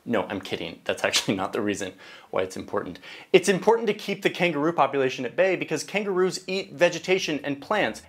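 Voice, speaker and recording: A woman's voice: low voice, lively intonation, fast talker, a little hiss or hum. A woman host giving a casual, jokey educational narration with chatty asides. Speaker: video essay host. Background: background music.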